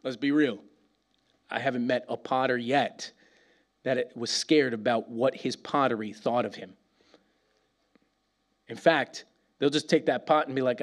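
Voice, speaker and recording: A man preaching a casual, animated sermon, laughing often and acting out little dialogues. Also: on the high side, a little slow. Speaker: pastor.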